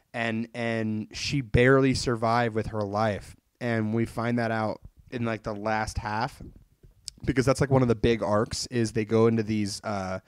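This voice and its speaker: A man hosting a casual podcast, retelling an anime plot in an animated, rambling way and swearing freely. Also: medium pitch, no room sound. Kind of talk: casual chat reviewing an anime.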